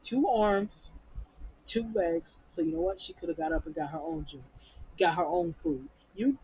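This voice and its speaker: Heated recap vlogger: a husky, raised-pitch woman, profane and blunt, on tinny phone-like audio. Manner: acts out quotes from the show. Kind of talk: casual episode review.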